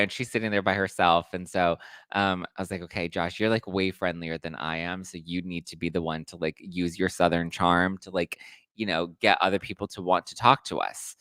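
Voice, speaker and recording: A man's voice: low voice, fairly even intonation, moderate pace, fairly bright tone, clean tone, no echo. A man hosting a casual pop culture chat, talking in a chatty, playful, gossipy way.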